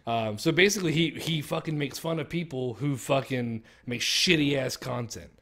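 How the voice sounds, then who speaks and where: A man's voice: medium pitch, normal speed, a bit bright. A young man ranting profanely in casual chat on a stream, mocking others with exaggerated voices. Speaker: streamer co-host.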